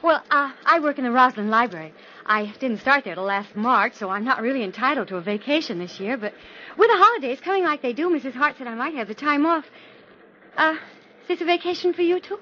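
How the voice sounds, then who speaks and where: A woman's voice: high-pitched, animated, brisk, bright, forceful tone, a little hiss or hum. A breathless, chatty young woman. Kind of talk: 1940s radio acting. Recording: dull lo-fi old radio recording.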